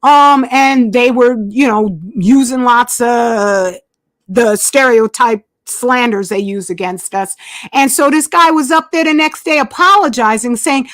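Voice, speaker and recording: A woman's voice: on the high side, a little slow, fairly bright tone, dry recording, studio quality. A woman talking straight to her viewers in a casual monologue, emphatic and repeating her points, muttering asides as she searches for clips. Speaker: channel host.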